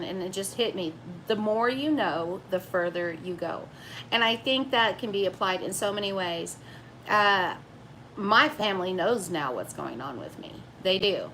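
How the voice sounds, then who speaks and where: Emotional, emphatic woman, bright voice. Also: on the high side, slight background noise, poor audio. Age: middle-aged. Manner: emotional, emphatic, repeats words for stress. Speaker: vlog host reading live chat. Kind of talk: casual live-stream chat.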